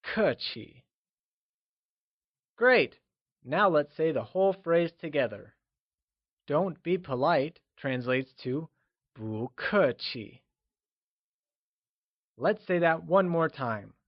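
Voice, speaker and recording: Slow, careful male language tutor. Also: a little high, no room sound, highs cut off. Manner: slow, careful pronunciation drills with upbeat praise. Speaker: language teacher. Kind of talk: scripted lesson narration.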